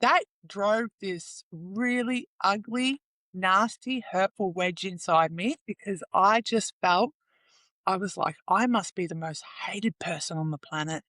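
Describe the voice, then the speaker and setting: A woman's voice: mid-range voice, measured pace, fairly bright tone, dry recording. Raw, emotional woman swearing freely. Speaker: guest. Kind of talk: candid personal interview.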